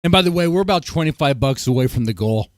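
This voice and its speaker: A man's voice: mid-range voice, lively intonation, fast talker, no room sound, clean studio sound. A man hosting a live stream, chatting casually with a guest and his audience in a joking, laughing manner. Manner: laughing, joking, playful asides.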